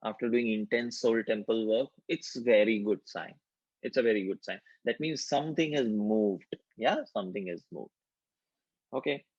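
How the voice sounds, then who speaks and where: A man leading an online group healing session, giving calm instructions and slowly repeating affirmations for the group to chant. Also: fairly low pitch, no room sound, lo-fi sound. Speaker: workshop facilitator.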